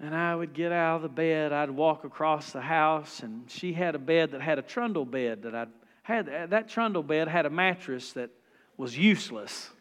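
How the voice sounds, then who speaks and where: A male pastor, preaching a sermon in a folksy, animated storytelling manner. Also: fairly high pitch, normal speed, big-room sound.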